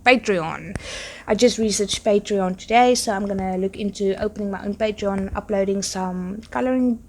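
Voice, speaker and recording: A woman's voice: medium pitch, a little mellow. A woman who is sick with a nasal, congested voice, chatting casually and rambling with many fillers as a podcast host while she paints.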